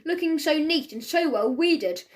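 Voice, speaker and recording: A woman narrating a children's audiobook in a clear, steady storytelling manner. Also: high-pitched, measured pace.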